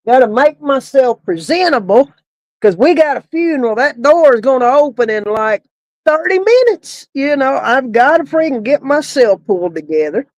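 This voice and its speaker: High-voiced woman laughing through a story. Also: very animated, moderate pace, darkish tone, dry recording, poor audio. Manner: laughing often while telling the story. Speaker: funeral home worker. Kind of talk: casual comic storytelling.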